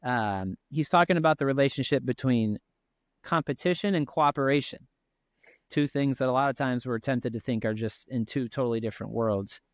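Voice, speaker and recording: A man hosting a podcast in a dry, close-miked sound, with a voice of ordinary pitch. He asks questions in a thoughtful, measured way, sometimes pausing on fillers. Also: dry recording. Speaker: podcast host. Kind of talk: interview, reading an excerpt aloud.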